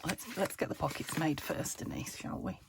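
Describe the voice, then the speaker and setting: Woman from the UK, craft channel host; lowish, gravelly, slightly croaky, chatty thinking-aloud delivery with faint background noise. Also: huge pitch swings, normal speed. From United Kingdom. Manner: chatty, self-chiding, thinks aloud while working. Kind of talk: casual craft tutorial chat.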